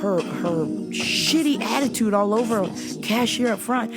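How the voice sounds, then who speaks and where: A woman host rants through work stories with blunt, profane punchlines. Her voice sits a bit high and swings widely in pitch. Faint music plays quietly under her. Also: expressive, moderate pace, hardly any pauses. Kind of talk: comedic storytelling rant.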